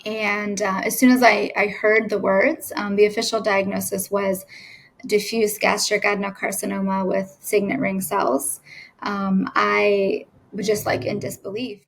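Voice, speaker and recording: Woman in her thirties, flat steady pitch, halting with fillers, emotional personal account. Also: creaky, rough recording. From United States. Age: 30s. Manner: halting, with many fillers and restarts. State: emotional at times. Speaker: cancer patient, nurse. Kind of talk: personal story told to camera.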